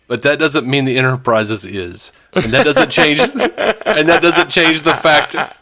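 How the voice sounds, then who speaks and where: A man's voice: a little high, measured pace, sharp tone. A man co-hosting a podcast, reading out listener messages and chatting casually with jokes and laughter. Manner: laughing, joking, reads listener messages aloud. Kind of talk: casual chat.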